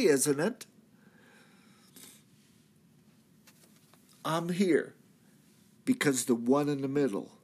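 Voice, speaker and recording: A man's voice: sits high, fairly bright tone, breathy edge, heavily acted. A man playing a repentant thief from the crucifixion, telling his story earnestly in a church drama monologue. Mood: joyful. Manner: earnest storytelling, swelling to cries at key moments. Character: repentant male thief, crucified, now redeemed.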